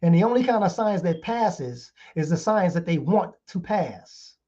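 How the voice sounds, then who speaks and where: In a high, animated, dark-toned voice, an online show host takes his time through a fiery casual lecture. He quotes articles and asks one rhetorical question after another, and the audio is muffled lo-fi.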